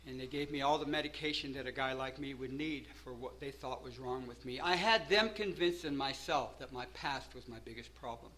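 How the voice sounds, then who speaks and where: An older man from Southern California telling his personal recovery story at a meeting, rambling at first, then growing animated and laughing. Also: mid-range voice, a little fast, few pauses, slight background noise, rough recording.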